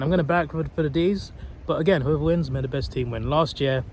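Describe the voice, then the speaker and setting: Young male vlogger, twenties, casual and chatty, slightly hoarse, handheld phone outdoors with clear traffic noise. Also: a little high, fairly quick, a little mellow. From England. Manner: chatty, laughs often, casual slang. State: losing his voice. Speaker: travel vlogger. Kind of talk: casual vlog chat.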